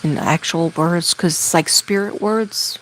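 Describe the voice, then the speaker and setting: A woman doing a spirit reading as a medium, talking haltingly and relaying messages with many fillers. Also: on the low side, a little hiss or hum, rough recording. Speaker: psychic medium.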